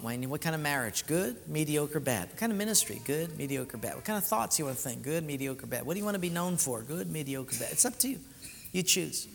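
Bright-voiced male pastor preaching in a hall. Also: a little high, a little hiss or hum. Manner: animated storytelling, acts out quoted voices. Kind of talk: sermon. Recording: live hall reverb.

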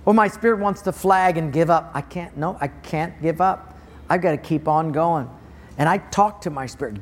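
A man's voice: on the high side, moderate pace. A man preaching a sermon, telling stories and acting out people's voices with big jumps in his tone. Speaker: pastor. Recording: long hall reverb.

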